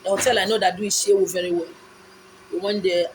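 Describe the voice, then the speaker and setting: A woman's voice: mid-range voice, steady tone, fast talker, slight background noise, rough recording. A Nigerian woman telling a personal story on a live video, dramatic and repetitive, at times blunt and scolding. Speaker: live-stream host.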